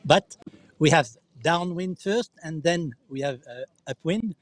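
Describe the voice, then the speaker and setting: A man's voice: on the high side, slow. A man with a French accent, a boat skipper giving brief, good-humored answers in a casual interview.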